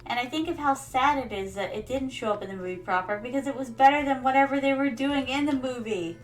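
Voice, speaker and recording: High-voiced playful streamer woman. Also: fast. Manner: playful regal persona, calls viewers "my darlings"; rambling, many fillers. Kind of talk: casual gaming stream chat.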